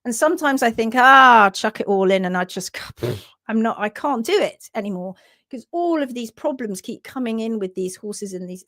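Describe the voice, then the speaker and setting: Animated British woman live-streaming. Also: fairly high pitch, no room sound, studio quality. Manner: earnest and animated, with sudden whispers and laughs. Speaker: host of a live stream for horse owners. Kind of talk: live-stream chat, reading out viewer comments.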